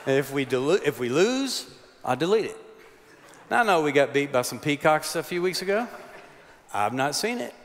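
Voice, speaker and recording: A man's voice: on the high side, very animated, normal speed, pauses often, a little hiss or hum. A man, preaching a chapel sermon with folksy, humorous storytelling. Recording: long hall reverb.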